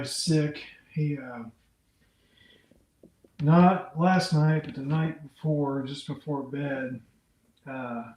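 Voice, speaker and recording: Slow, rambling man on a livestream. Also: mid-range voice, darkish tone, roomy sound, poor audio. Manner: rambling, casual, reads viewer comments aloud. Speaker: livestream host. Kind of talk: unscripted live chat with viewers.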